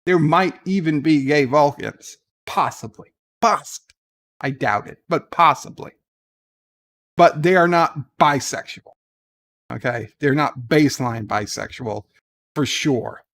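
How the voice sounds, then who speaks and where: A man's voice: a little high, unhurried, a bit bright. A man hosting a casual livestream, ranting bluntly with swearing and answering his chat. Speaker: livestream host reading chat.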